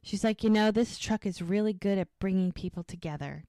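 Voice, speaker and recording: A woman's voice: mid-range voice, brisk, no room sound, studio quality. A woman co-hosting a podcast, recapping a TV episode in casual chat and acting out the characters' lines. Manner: retells scenes acting out the lines in lively voices. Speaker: podcast co-host.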